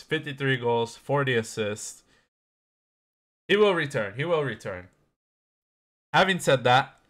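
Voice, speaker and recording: A young gaming YouTuber with a pushed, bright mid-range voice talks his way through opening packs in a video game. The commentary is relaxed and chatty, full of laughter and self-deprecating jokes.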